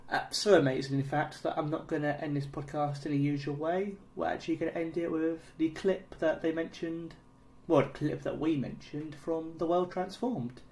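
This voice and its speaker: A man's voice: fairly high pitch, fairly even intonation, moderate pace, a little mellow, a little hiss or hum. A man hosting a podcast, signing off the episode in a friendly, upbeat way. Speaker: podcast host. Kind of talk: casual podcast sign-off.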